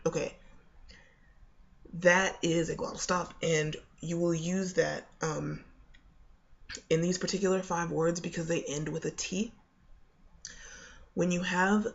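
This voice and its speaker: A young woman explains pronunciation in a relaxed, chatty way, often pausing on fillers and restarting her sentences. Her voice carries a noticeable creaky fry. The recording sounds dull and lo-fi, like a home video. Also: sits low. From United States. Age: young adult. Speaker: accent coach. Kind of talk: casual video lesson.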